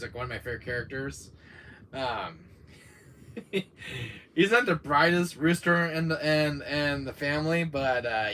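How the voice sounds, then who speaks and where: A man's voice: mid-range voice, pushed and bright, slight background noise. A man hosting a gaming stream, chatting casually and rambling with many fillers and frequent laughter. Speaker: gaming channel host.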